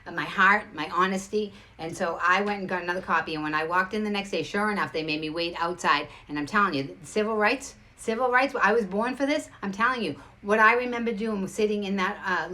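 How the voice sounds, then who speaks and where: Female host, low-pitched, rapid and emphatic, storytelling to camera. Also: sharp tone. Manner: rapid, emphatic, restarts a lot. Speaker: show host.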